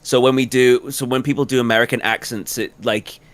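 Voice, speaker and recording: A man with a British accent chatting casually as a voice actor on a livestream, playful and halting. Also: mid-range voice, steady tone, dry recording. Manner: playful, trails off and restarts.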